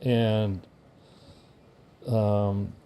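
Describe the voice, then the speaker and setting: A veteran from the United States, now older, shares casual stories on a podcast with wry humor, voicing the people he quotes. He speaks very slowly in a fairly low, warm voice with little pitch movement, over slight background noise.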